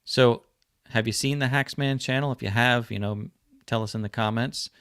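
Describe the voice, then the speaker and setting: A man's voice: mid-range voice, fairly even intonation, normal speed, a bit bright, smooth, no echo, studio quality. Rambling, chatty livestream host man. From New Jersey. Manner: rambling, friendly, lots of fillers. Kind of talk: casual livestream chat.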